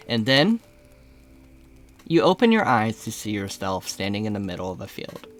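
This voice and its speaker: A man running a tabletop game as game master, narrating descriptively with frequent pauses and fillers. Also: lowish voice, very animated, soft background music. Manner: descriptive, slows for atmosphere, frequent uhs.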